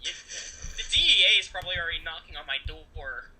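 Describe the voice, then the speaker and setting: A man's voice: on the high side, very animated, a little fast, a crowd in the background, low-quality recording. A man chatting on a podcast in a playful, mock-dramatic way. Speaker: podcast co-host. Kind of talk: casual podcast banter.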